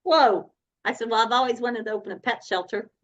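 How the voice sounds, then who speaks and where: Woman coach as podcast guest, animated storyteller; dull remote-call sound. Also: a little high, quick pace. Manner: animated, laughs often while telling stories.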